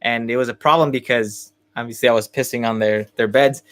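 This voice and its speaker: A man's voice: medium pitch, fairly even intonation, fairly quick, a bit bright. Young man telling a rambling story. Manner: rambling storyteller, many fillers and restarts. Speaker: podcast host. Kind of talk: casual chat.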